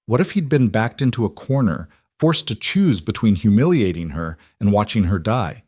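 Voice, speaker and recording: Low-voiced guy narrating a fantasy romance audiobook, steady and measured, dry close sound. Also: no room sound. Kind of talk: scripted narration.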